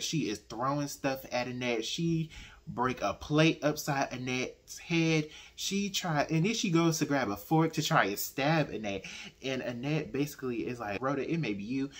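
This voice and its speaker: Brief: husky-voiced man, opinionated book vlogger, retells the plot chattily. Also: mid-range voice, a bit bright. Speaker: book reviewer. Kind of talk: casual book discussion.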